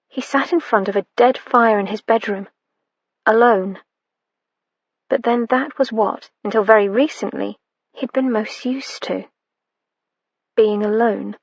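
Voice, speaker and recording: A woman narrating an audiobook in a measured, steady way, her voice slightly high. The sound is dry and close, with a slightly dull, muffled tone. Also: dry recording. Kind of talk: scripted narration.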